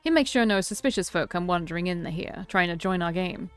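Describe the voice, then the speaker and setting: A woman's voice: fairly low pitch, animated, a little fast, clear, resonant tone, faint music behind. A woman voicing a charming, teasing young man in a visual novel, amused and playful.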